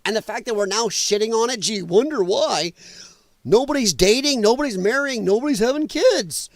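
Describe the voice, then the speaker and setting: A man's voice: high-pitched, animated, normal speed, dry recording, studio quality. Sarcastic, profane man ranting on stream. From American Midwest. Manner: profane, sarcastic, mocking mimicry of others. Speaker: host of a political commentary stream. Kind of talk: ranting commentary.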